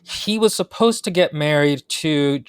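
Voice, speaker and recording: A woman's voice: low voice, expressive, unhurried, smooth, no room sound, clean studio sound. A woman co-hosting a book podcast, giving wry, sarcastic commentary on a novel. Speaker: podcast co-host. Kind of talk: casual book discussion.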